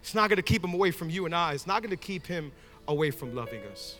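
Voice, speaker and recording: A man preaching a sermon in a church, moving from casual storytelling to shouted, fervent exhortation. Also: a little high, lively intonation, quick pace, music in the background. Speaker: pastor. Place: church sanctuary with congregation.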